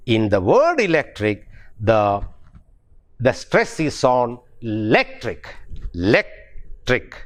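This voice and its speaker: A middle-aged man with an Indian English accent teaching pronunciation, spelling words out letter by letter and repeating key words. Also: a little high. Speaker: university English professor. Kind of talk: pronunciation lecture.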